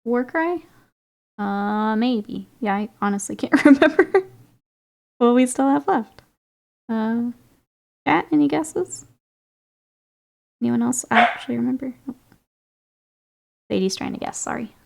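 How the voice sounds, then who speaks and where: A woman's voice: on the high side, measured pace, creaky, long pauses, a little mellow. A woman streaming while painting miniatures, chatting casually with viewers, reading their comments and laughing often. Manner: chatty, laughs often, reads and answers chat.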